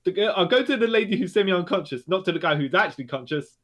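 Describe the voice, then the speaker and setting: Fairly high-voiced man in a chatty discussion. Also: lively intonation, fairly bright tone. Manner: chatty, adds joking asides and quick agreement. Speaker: comic book podcast co-host. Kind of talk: casual chat.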